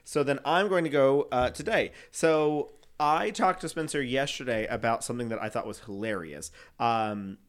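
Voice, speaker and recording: A man's voice: medium pitch, normal speed, few pauses. A man co-hosting a casual true-crime podcast, rambling through the story and swearing freely. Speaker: podcast co-host.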